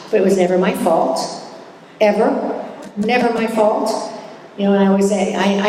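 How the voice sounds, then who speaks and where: A woman's voice: mid-range voice, warm tone, recorded from a distance, a little hiss or hum. A middle-aged woman speaking at a recovery meeting, candid and self-mocking, chatty with frequent restarts. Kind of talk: personal recovery talk. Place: meeting hall. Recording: echoey hall recording from afar.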